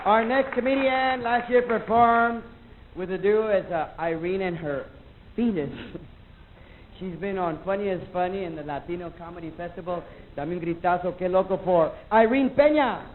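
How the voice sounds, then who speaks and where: A male host shouting hype announcements to bring on the next comedian, recorded on an old VHS tape. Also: high voice, moderate pace, a little hiss or hum. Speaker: show host. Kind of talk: introducing comedians. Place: comedy club stage. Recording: tinny VHS tape, loud crowd.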